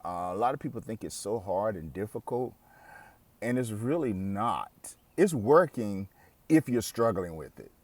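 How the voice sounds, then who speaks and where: Candid man in his forties, low voice. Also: animated, a little slow, darkish tone, dry recording. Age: 40s. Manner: candid, conversational, swears freely. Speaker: podcast host. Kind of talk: casual self-help monologue.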